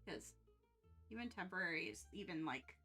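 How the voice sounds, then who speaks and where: A young woman chatting casually on her art livestream, excitable and rambling with lots of fillers as she gushes thanks. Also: lowish voice, normal speed, breathy edge, soft background music. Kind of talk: casual live-stream chat.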